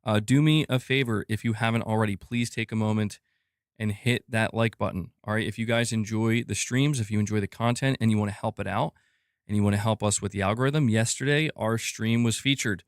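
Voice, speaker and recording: A podcast host with a fairly low voice speaks a little fast while hosting a gaming news live stream. Animated, he chats casually, talks to his chat, and reads viewer comments aloud. The sound is clean studio audio with no room sound.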